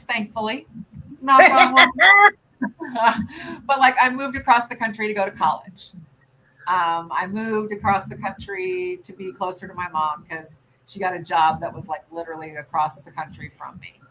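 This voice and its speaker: An American woman hosts a casual livestream while doing nail art, chatting and rambling with many ums and restarts. Her mid-range voice sounds pushed and bright, in a rough recording with a little hiss or hum.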